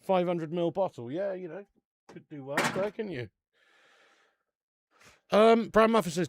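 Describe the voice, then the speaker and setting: A man's voice: high-pitched, animated, measured pace, pauses often, no echo, clean studio sound. A man hosting a casual football watch-along stream, chatting with the live chat and swearing casually.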